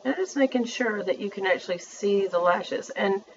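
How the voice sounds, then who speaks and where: A woman's voice: mid-range voice, moderate pace, highs cut off, noisy background. Chatty woman doing a makeup tutorial. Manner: chatty, self-narrating, addresses viewers as y'all. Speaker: beauty vlogger.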